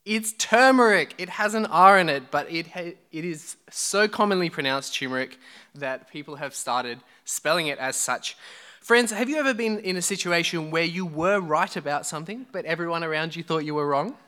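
A man's voice: a little high, animated, normal speed, bright, forceful tone. A man preaching a sermon to a church congregation, chatty and joking with the people in front of him. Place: church hall.

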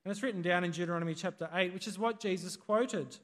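A man's voice: high-pitched, quick pace, fairly bright tone, in a large hall. A man preaching a sermon in a conversational way, putting questions to the congregation. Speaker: pastor. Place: church hall.

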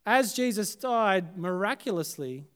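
Australian male preacher, higher register, clean resonant tone, dramatic swings from forceful to hushed. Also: animated, unhurried, clean tone. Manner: dramatic, swinging between loud emphasis and hushed, quiet phrases. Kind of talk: Good Friday sermon. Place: church service.

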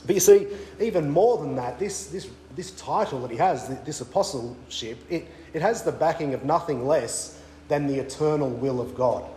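A man's voice: fairly high pitch, moderate pace, warm tone, roomy sound, slight background noise, rough recording. An Australian man preaching a sermon at a weekend away, conversational, with frequent fillers and restarts. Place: church weekend away venue.

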